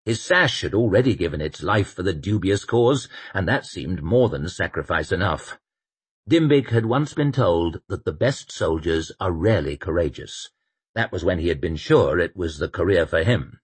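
A male audiobook narrator telling the story in a measured, expressive read. His voice is fairly low and husky, with lively rises and falls. The recording is dry and close. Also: dry recording. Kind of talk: scripted narration.

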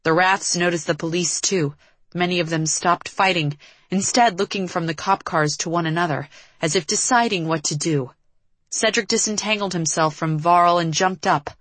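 An audiobook narrator reads a tense story in a measured, dramatic style from a script. Her fairly low voice comes through slightly bright. The recording is dry and close, with no room echo.

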